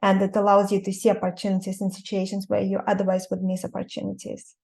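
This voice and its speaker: Mellow woman with a Russian accent. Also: medium pitch, completely flat delivery, fast talker, creaky. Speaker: interview host and coach. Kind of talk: interview conversation.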